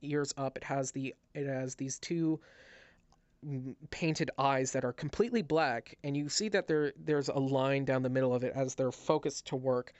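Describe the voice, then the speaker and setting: Man, game master, descriptive narration, halting restarts, dry sound. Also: medium pitch, fairly even intonation, no echo, lo-fi sound. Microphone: headset.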